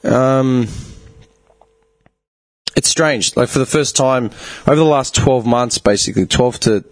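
A man hosts his podcast from a small studio, telling stories in a loose, rambling way, full of fillers, restarts and swearing. His voice sits at an ordinary middle pitch. The sound is close and dry, with no room echo. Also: a little slow. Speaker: podcast host. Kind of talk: casual storytelling monologue.

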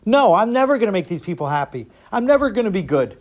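A man's voice: high voice, very animated, fast, voice pushed up. A man doing a whiny, defiant young schoolboy. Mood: sulky defiant.

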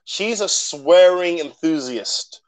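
A young man co-hosts a podcast in a casual, joking way, swearing freely and laughing often. His voice sits a bit higher than most men's. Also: animated, slow pace, poor audio. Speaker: podcast co-host. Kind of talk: casual chat.

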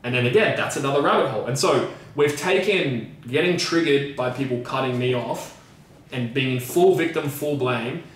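A man's voice: medium pitch, moderate pace. Emphatic man in a very echoey room. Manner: emphatic and profane, with repeated phrases. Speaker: podcast co-host and coach. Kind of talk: casual podcast discussion. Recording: very echoey room, mic at a distance, faint noise.

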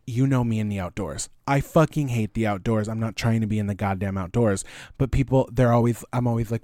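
A man co-hosting a podcast in casual chat, animated and profane, sometimes jumping up into mock voices. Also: mid-range voice, fast, dry recording, clean studio sound.

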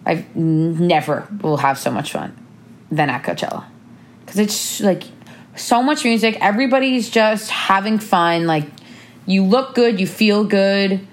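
A woman's voice: mid-range voice, animated, unhurried. A young woman chatting casually with a friend, bubbly and full of "like". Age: young adult. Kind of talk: casual chat recapping the year.

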